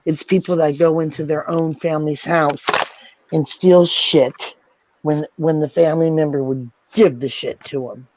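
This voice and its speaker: A woman's voice: low voice, fairly even intonation, moderate pace, darkish tone, slight background noise. A woman hosting a livestream, ranting angrily and swearing, repeating herself as she vents. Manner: furious, profane, repetitive ranting. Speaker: channel host. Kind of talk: angry livestream rant. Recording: dull lo-fi dry sound.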